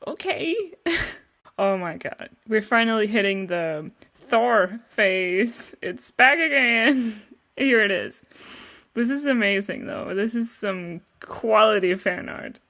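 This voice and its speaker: A young woman talks slowly through her old artwork in a loose, self-mocking way. She swears freely, breaks into laughter and trails off mid-thought. Her voice sits at an everyday middle pitch. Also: expressive, a bit bright. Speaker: vlogger. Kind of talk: casual commentary reviewing old artwork.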